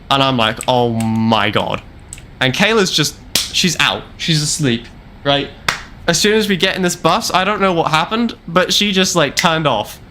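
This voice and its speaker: A man's voice: a little high, sharp tone, a little hiss or hum. A young man streaming a game, casually telling a long rambling travel story with wry repeats. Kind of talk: casual storytelling while gaming.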